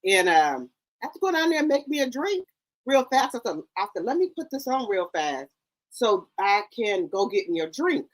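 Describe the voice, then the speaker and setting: A high-pitched woman hosts a casual livestream. She chats loosely and directly with her viewers, speaking into her own microphone. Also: sing-song, moderate pace. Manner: chatty, talks straight to the chat. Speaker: livestream host. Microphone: headset or desk microphone.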